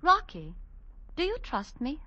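A woman's voice: high voice, huge pitch swings, measured pace, sharp tone, exaggerated voice. An actress playing a wary, eager young woman in a 1940s radio drama, breathless in manner. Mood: anxious.

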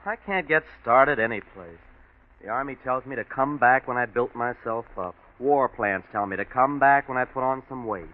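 Ad role: young actor playing jittery eager fellow, emphatic; tinny radio sound. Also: male voice, medium pitch, normal speed, lightly acted. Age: young adult. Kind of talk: 1940s radio ad acting. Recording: tinny scratchy old radio broadcast.

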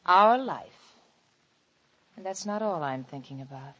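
A woman's voice: lowish voice, animated, measured pace, a bit bright, husky, dull audio, heavily acted. An actress playing an evasive young newlywed wife who brushes off her husband breezily, in 1940s radio acting. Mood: coaxing. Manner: breezy, dismissive, coaxing.

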